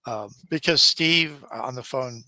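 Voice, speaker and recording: A man's voice: mid-range voice, a little slow, pushed and bright, dry recording. A man co-hosting a podcast, telling jokey stories in casual banter and acting out phone calls. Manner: jokey storyteller, acts out phone calls in voices, laughs often. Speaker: podcast co-host.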